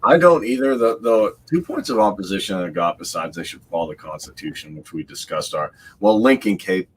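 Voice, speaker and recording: A man's voice: deep voice, animated, fairly quick, a little hiss or hum. A man talking in a casual political podcast chat, rambling and slipping into mock voices as he quotes others.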